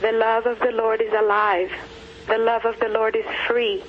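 A caller phones in to a show and shares a devotional poem. The delivery starts out hesitant, then settles into a measured recitation. The line sounds dull and muffled, with faint hiss behind. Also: medium pitch, flat delivery. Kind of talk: phone call reading a poem.

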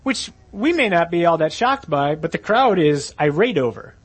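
A man's voice: fairly high pitch, sing-song, moderate pace, breathy edge. A man preaching a sermon in a conversational way, often putting questions to his listeners.

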